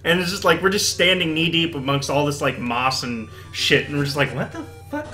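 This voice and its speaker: A young man hosting a casual chat, telling his stories with lively energy and plenty of swearing. His voice is bright and a little high. It sits in an echoey room with faint music underneath. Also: a little fast. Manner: animated storyteller, swears freely. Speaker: host.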